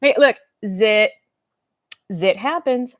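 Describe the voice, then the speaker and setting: A woman in her 50s talks slowly at a medium pitch during her casual doll-collecting livestream, rambling between bites and reading comments out loud. It's a dry recording with clean studio sound.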